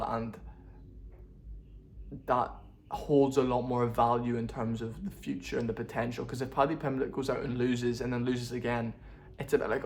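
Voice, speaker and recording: A man talking casually to camera as a fight-sports YouTuber, opinionated and chatty, often thinking aloud. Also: medium pitch. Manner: chatty, opinionated, laughs at his own jokes. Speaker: MMA commentary YouTuber. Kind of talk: casual vlog commentary.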